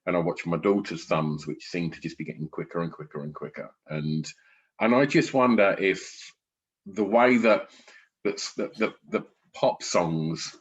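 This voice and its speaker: Low husky man hosting a podcast. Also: a little slow. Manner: chatty, lively when excited, trails off low. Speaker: podcast host. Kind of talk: casual interview chat. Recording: dull lo-fi sound.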